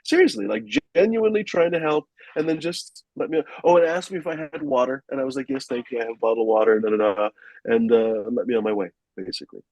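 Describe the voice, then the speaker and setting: A man's voice: on the high side, fast, a little mellow, no room sound, low-quality recording. A man telling a long story casually, rambling and profane, with many fillers and restarts.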